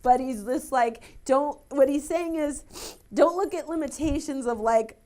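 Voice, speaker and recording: A woman's voice: sits high, unhurried, warm tone. A young woman working as a psychic medium, relaying messages emotionally, laughing and close to tears. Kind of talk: live TV psychic reading.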